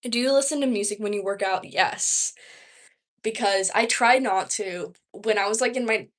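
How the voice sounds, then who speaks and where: A woman's voice: mid-range voice, normal speed. Chatty young woman on a livestream. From Georgia, United States. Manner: rambling and chatty, heavy use of "like". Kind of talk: casual livestream chat answering viewer questions. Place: her home.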